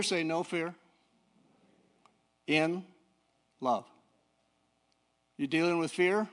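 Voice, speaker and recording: A middle-aged male preacher giving a folksy sermon, swinging from low talk to fiery shouting. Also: very slow, pauses often. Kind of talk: sermon with personal story.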